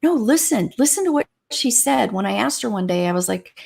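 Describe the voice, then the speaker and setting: A woman's voice: on the high side, lively intonation, a little fast, creaky, few pauses, darkish tone, husky. A woman grief counselor on a talk show, teaching in a repetitive, emphatic way. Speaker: pet loss grief counselor. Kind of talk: livestream talk show chat.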